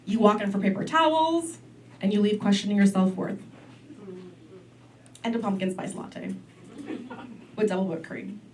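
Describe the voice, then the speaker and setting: A woman's voice: mid-range voice, expressive, normal speed, long pauses, a little mellow, far from the mic, a little hiss or hum, rough recording. A woman performing a stand-up comedy set in a comedy club, acting out relatives in big voices.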